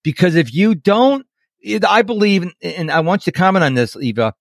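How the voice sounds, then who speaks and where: A man hosting a podcast interview who speaks earnestly and keeps putting questions to his guest. His voice sits a little high for a man. The recording is close and dry. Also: animated, moderate pace, vocal fry, no room sound. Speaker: podcast host. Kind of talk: casual conversational interview.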